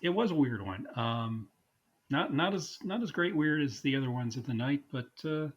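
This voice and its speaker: A man co-hosting a podcast in casual chat, often halting and repeating words. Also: medium pitch, expressive, breathy edge, dull audio. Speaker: podcast co-host.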